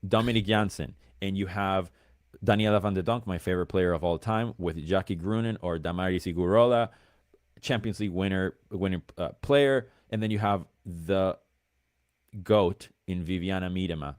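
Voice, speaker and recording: A man's voice: low-pitched, normal speed, dry recording, studio quality. An American man talking football as a guest pundit on a video call, enthusiastic and self-deprecating. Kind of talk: casual football chat.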